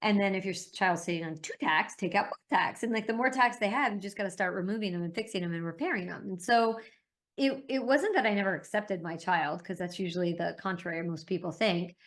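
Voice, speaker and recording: A middle-aged woman talking as a guest in an interview, telling stories in an emphatic, animated way. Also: medium pitch, brisk. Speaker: interview guest, parent advocate. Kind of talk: conversational interview.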